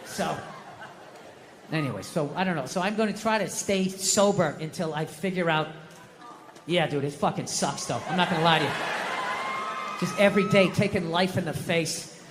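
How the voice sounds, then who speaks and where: A man doing a stand-up comedy set, ranting and swearing as he builds toward mock-furious shouts. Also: on the high side, moderate pace, pauses often, background noise. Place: large outdoor stage in the wind. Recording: live venue with long reverb, faint ambience.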